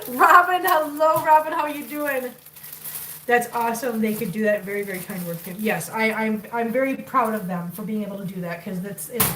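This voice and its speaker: A woman with a Minnesotan accent chatting casually while she cooks at home on a livestream, laughing often and reading out viewer comments. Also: mid-range voice. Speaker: livestream cooking host. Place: home kitchen. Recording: echoey room, distant mic, noisy.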